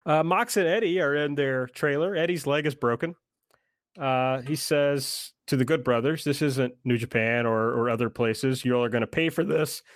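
A man's voice: mid-range voice, moderate pace, dry recording, clean studio sound. A man in casual podcast chat, running through recaps steadily. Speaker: podcast co-host recapping the show.

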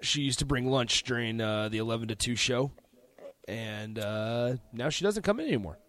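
A male radio co-host who talks in an even, middle-pitched voice and takes the teasing good-naturedly. He explains things in a plain, conversational way. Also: moderate pace. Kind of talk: casual radio banter.

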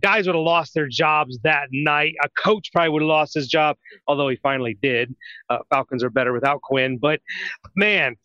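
Guy on a betting podcast, bright tense voice, swears a lot, kinda dull lo-fi sound. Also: fairly high pitch, no room sound. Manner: blunt, profane, laughing often. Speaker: podcast co-host. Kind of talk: casual sports betting chat.

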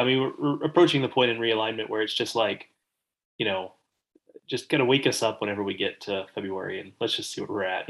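A man's voice: fairly low pitch, a bit bright, low-quality recording. A man co-hosting a sports podcast while sick with a cold, so his voice sounds nasal, talking in a rambling, conversational way. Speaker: podcast co-host. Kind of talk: casual podcast chat.

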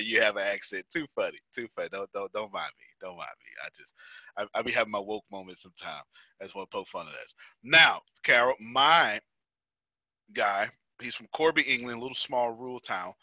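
Bright-voiced American man leading a meeting. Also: mid-range voice, no echo, lo-fi sound. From United States. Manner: joking, storytelling, laughs often. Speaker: meeting host. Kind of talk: casual team meeting talk.

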